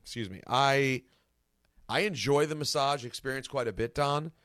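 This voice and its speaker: Excitable rambling male podcast host. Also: mid-range voice, moderate pace, dry recording, studio quality. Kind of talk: casual chat.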